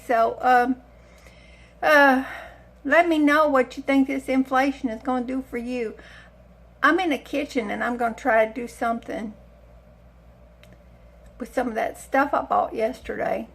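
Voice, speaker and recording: A high-pitched woman talks slowly and unhurriedly as she chats to her viewers from her home kitchen. She rambles, pokes fun at herself and wanders off topic in a relaxed, homey cooking vlog. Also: gravelly. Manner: rambling, chatty, self-mocking with frequent sighs and laughs. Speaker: cooking vlogger. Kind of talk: casual chat to camera.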